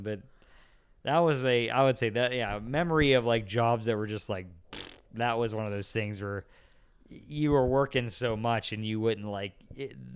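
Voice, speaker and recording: A man's voice: fairly low pitch, clear, resonant tone. A man guest on a podcast, casually telling rambling stories about old jobs and acting out the voices of customers and himself. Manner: rambling storyteller, acts out voices of callers and himself. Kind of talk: casual chat.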